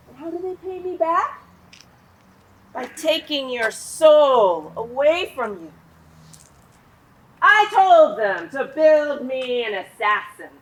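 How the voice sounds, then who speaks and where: An actress in a stage play playing a cold, scheming, power-hungry mother who speaks in a slow, commanding, controlled way. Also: extremely high pitch, fairly bright tone, exaggerated voice, low-quality recording. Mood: bitter, menacing. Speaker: stage actor.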